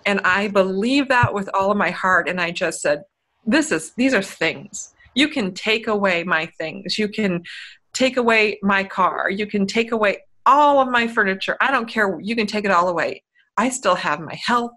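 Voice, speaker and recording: A woman's voice: mid-range voice, moderate pace, pushed and bright, low-quality recording. A woman in her fifties, a guest on a video call from home, telling her life story candidly with frequent restarts. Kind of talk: interview over video call. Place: home room.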